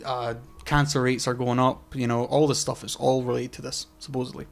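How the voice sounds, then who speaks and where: A man co-hosting a casual podcast chat, rambling, swearing and groping for words, often trailing off quietly. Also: mid-range voice, little pitch movement, a little fast, gravelly. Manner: trails off quietly mid-sentence. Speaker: podcast co-host.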